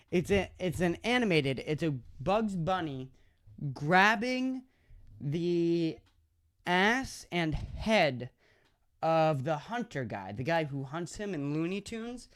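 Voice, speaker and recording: Solo podcast host, male; slow, unhurried delivery, laughs through his own story, dry close sound. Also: on the high side, very animated, a bit bright, dry recording. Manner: amused, often breaks into laughter while retelling; halting, restarts sentences.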